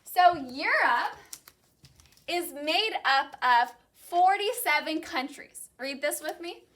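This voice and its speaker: High bright teacher drilling vocabulary. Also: female voice, expressive. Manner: slow, clearly enunciated drilling of vocabulary. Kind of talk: call-and-repeat classroom lesson.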